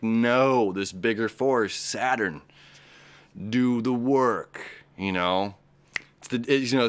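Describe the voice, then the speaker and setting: Rambling, animated man, slightly low voice. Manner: rambling and animated, many "you know"s and restarts. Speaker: astrology channel host. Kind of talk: casual motivational talk to camera. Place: his own recording spot, seated. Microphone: camera setup he operates himself.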